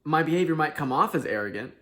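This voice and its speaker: A man hosting a self-help video, talking candidly to the camera, swinging between hushed sincerity and loud, emphatic outbursts and swearing freely. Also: on the high side, animated, quick pace.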